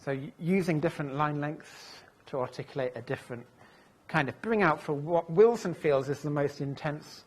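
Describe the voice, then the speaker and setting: A man's voice: on the high side, normal speed, husky. A man giving a recorded lecture, thinking aloud as he goes, with frequent fillers and self-corrections. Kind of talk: recorded lecture walking through translations.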